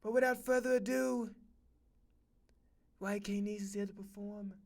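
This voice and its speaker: A man's voice: high-pitched, fairly even intonation, moderate pace, vocal fry. A man putting on a mock-formal event host. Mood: mock solemn. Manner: mock-formal announcing, hushing a crowd. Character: male event host introducing a performer.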